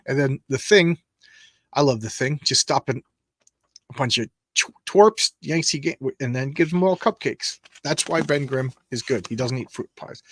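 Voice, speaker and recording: A man casually reading a comic aloud and commenting on it, halting and rambling with many restarts, lifting his voice a little for speech balloons. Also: mid-range voice, expressive, a bit bright, husky, dry recording. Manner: reads speech balloons aloud in a lightly raised voice. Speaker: comic book show host.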